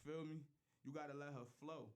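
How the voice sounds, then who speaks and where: A man's voice: a little high, fairly even intonation, brisk, clear, resonant tone. A man hosting a casual group chat, lecturing his friends and checking in with "you feel me?". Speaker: podcast host.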